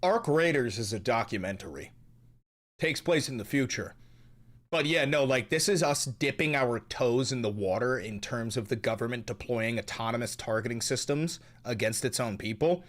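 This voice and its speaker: A man's voice: mid-range voice, normal speed. A man hosting his stream, giving casual news commentary with profane, indignant ranting and mocking asides. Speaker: streamer and host.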